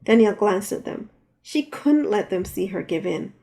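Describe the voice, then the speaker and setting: A woman reads her own novel aloud at an ordinary middle pitch. She narrates plainly and raises her voice sharply for the characters' quarrels. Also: expressive, moderate pace, dark tone. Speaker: author reading her own book. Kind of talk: audiobook narration.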